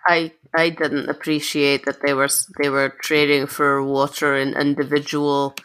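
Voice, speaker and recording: A woman's voice: deep voice, flat delivery, normal speed, a bit bright, clear, resonant tone. A woman playing a tabletop game, dry and sarcastic in casual table talk. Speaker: player.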